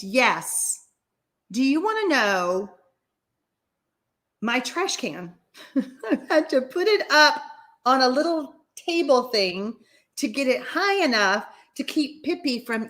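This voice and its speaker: Woman, live-stream host, unhurried and higher-pitched, playful and chatty. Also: sharp tone. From Texas. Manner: chatty, teasing, reads out viewer comments. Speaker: livestream host of a card-making session. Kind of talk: casual live-stream chat.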